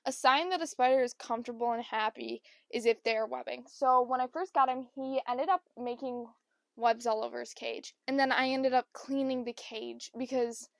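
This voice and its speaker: A young woman hosting a podcast, telling a funny story in a casual, animated way and acting out the people she quotes. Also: fairly high pitch, gravelly, dry recording. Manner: animated, acts out quoted people with changed voices. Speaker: podcast host.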